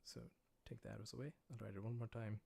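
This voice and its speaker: A man's voice: lowish voice, level tone, fast, creaky, dark tone, husky. An American man teaching a livestreamed language lesson, explaining patiently as he writes, with frequent "uh" and "um" fillers. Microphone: livestream microphone.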